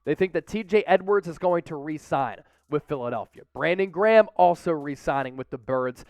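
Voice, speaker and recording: A man's voice: fairly high pitch, animated, moderate pace, darkish tone, clear, resonant tone, no echo, clean studio sound. A man hosting a sports show, giving upbeat, opinionated commentary and rattling off stats.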